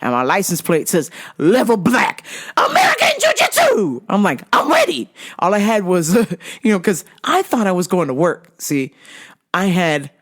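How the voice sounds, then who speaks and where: A woman's voice: fairly low pitch, expressive, normal speed. A woman hosting a podcast, telling a comic story in a casual, profane way, acting out her own reactions and laughing often. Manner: laughs often between lines. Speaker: podcast host.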